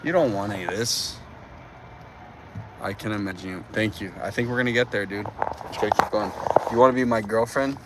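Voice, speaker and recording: A young man in his twenties holds a casual live stream from a city street at night, answering viewers in a playful, teasing way, full of slang. His voice sits low. Faint traffic hums in the background. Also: brisk, long pauses. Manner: playful, teasing, slangy with lots of dude and bro. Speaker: livestreamer.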